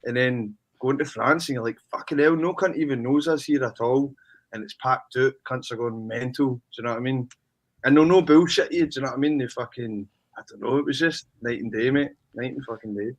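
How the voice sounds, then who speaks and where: A man's voice: medium pitch, fairly even intonation, fairly quick, rough recording. A man with a Glaswegian accent, a musician talking casually, blunt and slangy with heavy swearing. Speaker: musician guest. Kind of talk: casual chat.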